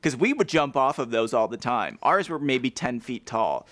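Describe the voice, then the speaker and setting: A man trading jokes on a casual podcast, playful and quick to get excited. His voice sits at a mid pitch and sounds dry and close to the mic, with no room around it. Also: no room sound. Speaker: podcast co-host. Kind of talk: casual chat.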